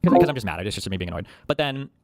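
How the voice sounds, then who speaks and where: Fast, profane, ranting man. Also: fairly low pitch, sing-song, a little mellow. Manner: profane, rambling rant; heated, agitated. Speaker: streamer. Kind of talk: casual chat.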